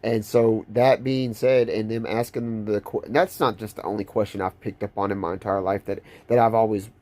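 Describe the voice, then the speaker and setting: A man's voice: lowish voice, steady tone, normal speed, warm tone. A young man talking straight to camera in a casual vlog, rambling and intense, with many restarts. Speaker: vlogger.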